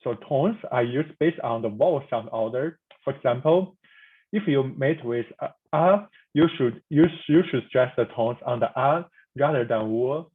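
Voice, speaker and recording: A man teaching a pinyin pronunciation lesson, speaking haltingly with frequent restarts and repeated demonstration sounds. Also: medium pitch, slightly rough, phone-quality sound. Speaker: language instructor.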